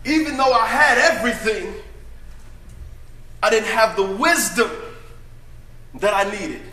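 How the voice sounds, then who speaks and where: A man's voice: sits high, a little slow, roomy sound. A man playing the brash prodigal son. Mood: boastful. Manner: emphatic, preachy, often shouting. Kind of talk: dramatic first-person monologue to an audience.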